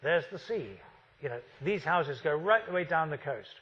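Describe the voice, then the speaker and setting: A man's voice: a little high, lively intonation, normal speed, husky, highs cut off. A man in his fifties giving a university architecture lecture, wry and full of rhetorical questions.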